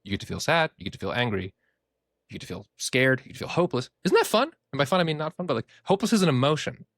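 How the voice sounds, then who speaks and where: A man who works as a therapist, hosting a casual podcast and talking in an animated, joking way. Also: medium pitch, racing, dry recording, studio quality. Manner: animated, joking, acts out quoted voices.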